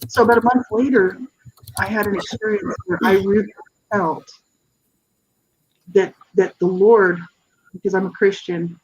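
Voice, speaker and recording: A woman's voice: medium pitch, steady tone, unhurried, pauses often, darkish tone, breathy edge, rough recording. A woman in her fifties, a guest on a radio interview, earnestly telling her personal story with frequent restarts and asides. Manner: earnest, searching, frequent restarts and "you know, right?". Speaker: interview guest, author and advocate.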